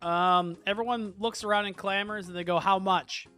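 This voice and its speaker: A man's voice: high-pitched, steady tone, bright, forceful tone, smooth, soft background music. A man hosting and narrating an improvised comic tabletop game as game master, joking and restarting his sentences. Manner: joking, halting, many restarts.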